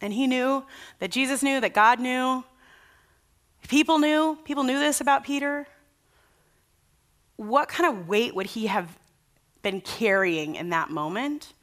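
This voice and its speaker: A woman's voice: sits high, unhurried, pauses often, a bit bright. Enthusiastic woman preaching a sermon. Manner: conversational and enthusiastic, acts out quotes. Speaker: pastor.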